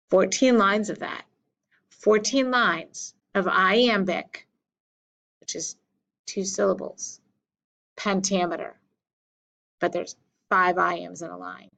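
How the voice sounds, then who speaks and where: A woman's voice: mid-range voice, takes it slowly, creaky, fairly bright tone, low-quality recording. A woman teaching a class in a patient, repetitive way, counting out beats aloud. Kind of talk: classroom lecture.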